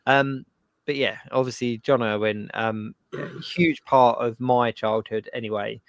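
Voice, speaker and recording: A man's voice: medium pitch, steady tone, a little slow, dry recording. A man with a Geordie accent hosting a casual podcast chat, laughing and reading out viewer comments. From North East England. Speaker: podcast host.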